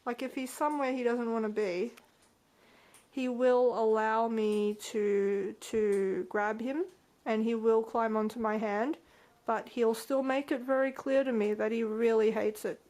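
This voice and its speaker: Woman vlogger, fairly high voice, unhurried, stops and restarts a lot; casual to-camera chat at home. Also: steady tone, a little mellow. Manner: halting, with frequent restarts. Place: at home with her pet birds.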